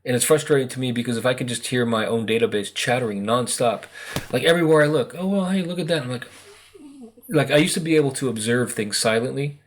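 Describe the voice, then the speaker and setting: American man, casual host monologue, meandering with fillers, mid pitch. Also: quick pace, a little hiss or hum. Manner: rambling, many fillers and quoted asides. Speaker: spiritual video host.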